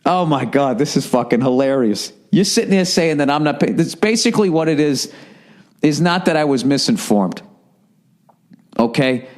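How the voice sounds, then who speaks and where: A man in his forties with a Boston accent hosts a comedic podcast monologue. He talks in a slightly high voice, full of profanity. He argues back at a listener's email and sounds indignant. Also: animated, moderate pace, darkish tone. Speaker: podcast host.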